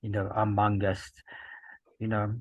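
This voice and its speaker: A man in his fifties from Gloucester in England, a podcast guest talking in a measured, reflective way with many "you know"s, through earpieces. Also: lowish voice, monotone, no room sound, rough recording. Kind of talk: casual interview chat.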